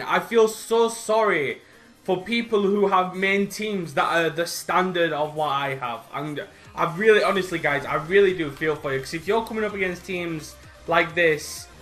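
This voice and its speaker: A young man talks through his football game in quick, excitable bursts, cheering goals and grumbling at the controls. His voice sits high and sounds bright and crisp. Faint music plays under his commentary. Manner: excitable, frustrated outbursts at the game. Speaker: gaming youtuber. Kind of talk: live gameplay commentary. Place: home room by a window.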